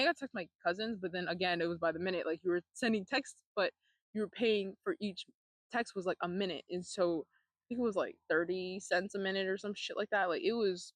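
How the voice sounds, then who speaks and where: A woman's voice: medium pitch, fairly bright tone, dry recording. A young woman vlogging, telling her own life story in a candid, blunt way, with free swearing and sarcastic asides.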